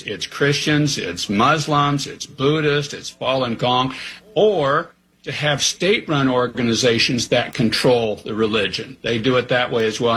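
A man being interviewed as a guest, explaining bluntly and forcefully. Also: medium pitch, breathy edge, low-quality recording. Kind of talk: interview talk.

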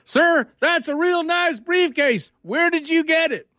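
A man voicing a puzzled young man from Georgia, in a put-on Georgia accent with a slow drawl. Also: extremely high pitch, bright, forceful tone, dry recording, clean studio sound, pitched above the performer's own voice, full character voice.

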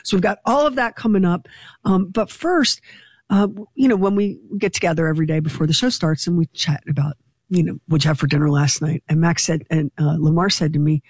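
A woman's voice: sits low, a little fast, a little mellow, breathy edge, no echo. A woman co-hosting a radio morning show in a studio, bantering in a joking, self-deprecating way. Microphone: studio microphone.

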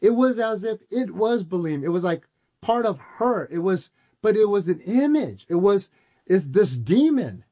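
A man's voice: sits high, big pitch swings, normal speed, mellow. A man preaching a sermon, telling a testimony story and often repeating words as he gets going.

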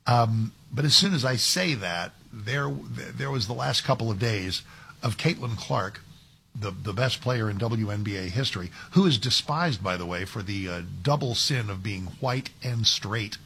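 A man's voice: lowish voice, moderate pace, creaky, pushed and bright, slight background noise. A man filling in as host of a talk radio show, giving emphatic commentary with many restarts and asides. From Texas.

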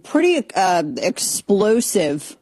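A woman's voice: mid-range voice, very animated, takes it slowly, a little mellow, no echo. A woman hosting a talk radio show, opinionated and sarcastic, often exasperated. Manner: sarcastic, exasperated, mocking voices. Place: radio studio, simulcast.

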